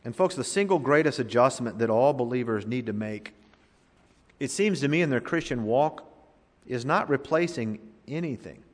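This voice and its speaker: A male pastor delivers a sermon at a mid pitch. He builds to forceful peaks, then drops to hushed, slow phrases, and asks rhetorical questions. His voice rings out with the long reverb of a large hall. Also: animated. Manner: preaching with rising and falling emphasis, rhetorical questions.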